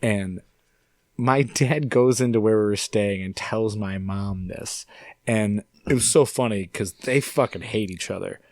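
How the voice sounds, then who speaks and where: A young man from upstate New York, a podcast guest telling a story in a casual, animated way and swearing freely. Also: fairly low pitch, a little slow, no echo. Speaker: podcast guest, singer-songwriter.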